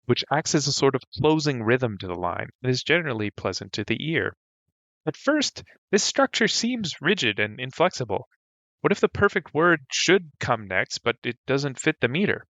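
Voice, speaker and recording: A man's voice: medium pitch, bright, forceful tone, dry recording. A man hosting an educational podcast, narrating a scripted lesson with light enthusiasm and humor. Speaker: podcast host. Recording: slightly dull, dry recording.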